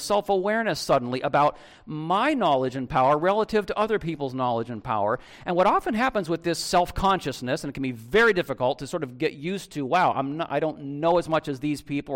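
A pastor delivers a sermon in an animated, conversational way, often restarting his sentences and putting questions straight to the congregation. His voice is on the high side.

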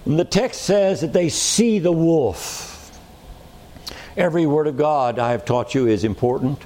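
A man preaching a sermon in a church at a slow, deliberate pace. His voice sits fairly high for a man, and he drives his points home with repetition and direct questions to the congregation. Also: mellow. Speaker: pastor.

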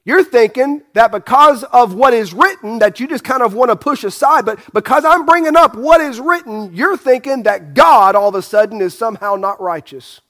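A man's voice: very high-pitched, lively intonation, moderate pace, few pauses, fairly bright tone. A man preaching a Bible sermon, emphatic, asking rhetorical questions and restarting phrases as he goes. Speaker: pastor.

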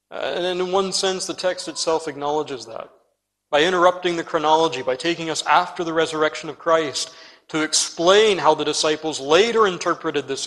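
A man's voice: on the high side, a bit bright. A man preaching an expository sermon, earnest and direct, turning to his listeners and leaning hard on key words. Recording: long reverb in a large hall.

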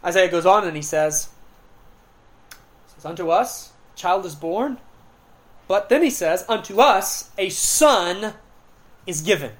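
Animated and fairly low in pitch, a woman gives a sermon, slowing down to stress key words. Her delivery swings from loud, emphatic bursts to hushed, quiet lines.

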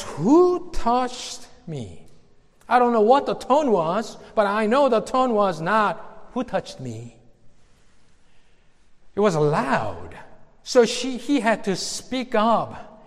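A male preacher giving a sermon, slow and emphatic, with dramatic pauses. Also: high-pitched, lively intonation, big-room sound.

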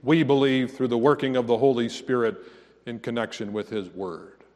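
A man preaching a sermon as pastor, slow and earnest, rising to emphatic declarations. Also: medium pitch, fairly even intonation, a little mellow, long reverb tail.

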